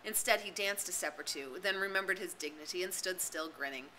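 A woman's voice: fairly low pitch, fairly quick, sharp tone, slight background noise, low-quality recording. A woman narrating a novel as an audiobook, reading expressively and dramatically. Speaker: reader and tutor.

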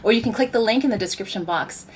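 A woman's voice: fairly high pitch, fast, husky. A woman vocal coach hosting a live stream, talking to her viewers in an upbeat, direct way. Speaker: vocal coach and show host. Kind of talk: live-stream host talk.

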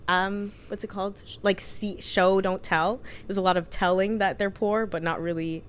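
A woman's voice: medium pitch, fairly even intonation, moderate pace, slight background noise. A woman co-hosting a podcast in casual chat, talking freely with lots of fillers and restarts. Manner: chatty, many fillers and restarts. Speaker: podcast co-host.

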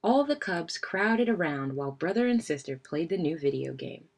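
A woman reading a children's picture book aloud in an expressive storytelling manner. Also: fairly low pitch, moderate pace. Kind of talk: children's read-aloud narration.

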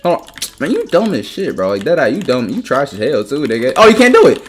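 A young man giving loud, trash-talking gaming commentary, jumping between high yells and low mutters. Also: huge pitch swings, quick pace, few pauses, heavy background noise. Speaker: gaming YouTuber.

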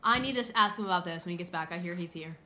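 A young adult woman streaming a ghost-hunting game, excitable and easily spooked, laughing often. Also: lowish voice, rapid-fire, a little hiss or hum. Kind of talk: casual gameplay chat.

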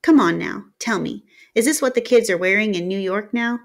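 A woman's voice: medium pitch, normal speed, vocal fry, lightly acted. A woman voicing a cocky, self-assured teenage boy from a small town, brash, teasing and slangy.

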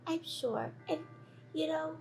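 A woman's voice: sits high, animated, slow pace, gravelly, slight background noise. A woman playing a tabletop role-playing game, speaking in character with earnest, agreeable replies. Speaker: player.

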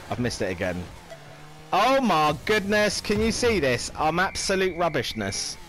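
A gaming video host with a Northern English accent plays a video game and commentates casually, chatting playfully, exclaiming and singing little phrases. His voice is a little high, very animated and a bit bright, at a normal speed. Faint music plays behind him.

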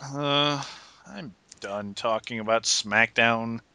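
A man hosting a casual wrestling podcast, animated and sarcastic. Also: mid-range voice, slow pace, clean tone, no echo. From Scotland. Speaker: podcast host.

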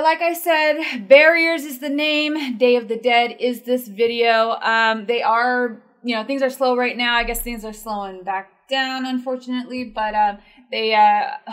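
A woman hosts a metal reaction video, chatting casually in a playful, excitable way. She rambles with plenty of fillers, and her voice sits a little high.

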